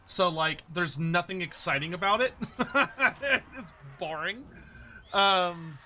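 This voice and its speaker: A man's voice: high voice, slow, bright, forceful tone, a little hiss or hum. A man from Texas with a General American accent, hosting a casual live stream. He chats with viewers in a rambling way, with many fillers and restarts, and laughs easily. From Texas, United States. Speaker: livestream host.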